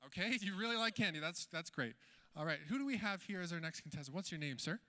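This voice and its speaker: A man with a high, bright voice runs a mock game show with exclamatory showman patter. He is heard in a big hall with a long reverb. Music plays faintly behind him. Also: lively intonation, fast talker. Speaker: game show host at a live event.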